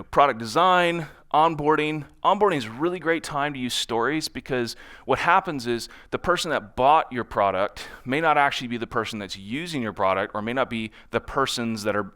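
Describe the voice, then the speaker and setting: A man speaks at a conference in a loose, conversational way, tagging his points with quick check-ins to the crowd. His voice is smooth and resonant, and he sits at an ordinary middle pitch. He slips into other people's voices when he quotes them. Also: pushed and bright. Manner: conversational, constantly checks in with "right?". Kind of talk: conference talk. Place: conference stage.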